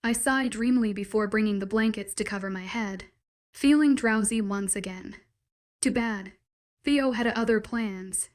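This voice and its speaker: A woman narrating a first-person romance story in a steady, soft-spoken way. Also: mid-range voice, moderate pace.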